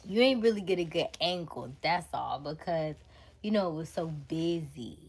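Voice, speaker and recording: A woman's voice: low voice, moderate pace, darkish tone, slightly rough. A young woman hosting a casual livestream, greeting viewers in chat and laughing often. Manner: laughs often, reads and answers chat names. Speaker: livestream host.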